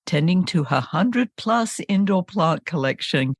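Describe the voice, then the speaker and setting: A woman's voice: lowish voice, animated, a little slow, no room sound, clean studio sound. A woman hosting a podcast interview, enthusiastic and polished. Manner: enthusiastic, scripted-sounding intro. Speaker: podcast host.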